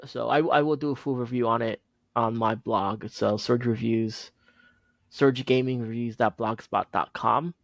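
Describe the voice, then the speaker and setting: A man hosting a podcast, chatting casually and recounting a story in a halting, rambling way. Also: mid-range voice, fairly even intonation, creaky, no room sound. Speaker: podcast host. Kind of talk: casual chat.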